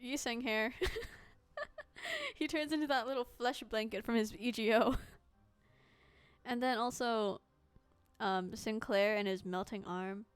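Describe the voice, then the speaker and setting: Slow-talking woman streamer, kinda high voice, jokey and giggly while playing, light music under. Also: clean tone, dry recording. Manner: playful and jokey, laughs often. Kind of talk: casual gameplay commentary.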